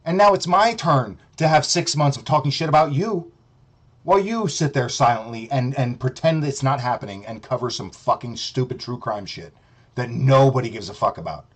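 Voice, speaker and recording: A man's voice: medium pitch, animated, normal speed. A man streaming a profane, mocking rant, heated and sarcastic. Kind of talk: ranting commentary.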